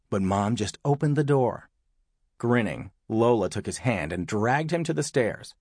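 Give me an expressive male audiobook narrator with a husky, dry sound. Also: lowish voice, measured pace, dry recording. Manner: expressive, lively storytelling. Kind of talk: scripted narration.

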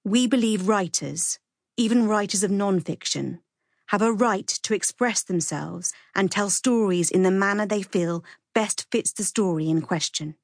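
A woman narrating a formal publisher's note in a measured, scripted reading. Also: medium pitch, no echo, studio quality.

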